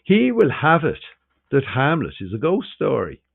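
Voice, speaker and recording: A man's voice: on the high side, huge pitch swings, a little slow, creaky, voice pushed up, exaggerated voice. A man voicing a dry, sardonic male critic who talks in a mocking, theatrical way. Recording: tinny, phone-like sound.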